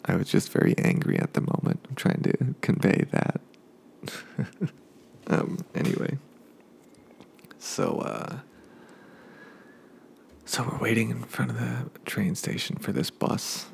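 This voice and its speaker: A man telling a casual spoken anecdote, rambling along with digressive asides and dark jokes. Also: fairly low pitch, vocal fry, a little hiss or hum. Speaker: storyteller.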